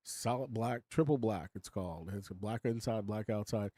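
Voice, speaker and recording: A man's voice: lowish voice, normal speed, warm tone, no room sound, clean studio sound. An older man hosting his own live stream, rambling and opinionated, chuckling as he talks to his chat. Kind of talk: casual live-stream monologue.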